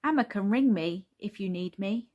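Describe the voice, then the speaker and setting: A woman voicing a small, kindly carer in a storybook reading, soft and reassuring. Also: medium pitch, expressive, moderate pace, lightly acted. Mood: gentle.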